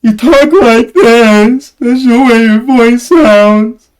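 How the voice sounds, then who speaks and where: A man mimicking an adult woman fighter with a slow, booming, exaggerated deep voice. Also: clear, resonant tone, far from the mic, poor audio. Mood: mocking.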